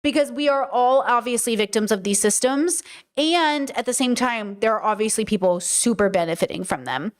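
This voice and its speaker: A young woman talks straight to her stream audience, pressing each point by saying it again and again. Her voice sits a little on the high side, loose and full of "like" and blunt swearing. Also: expressive, normal speed. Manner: emphatic and repetitive, frequent "like" and swearing. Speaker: streamer and podcast host. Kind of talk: casual commentary on a livestream.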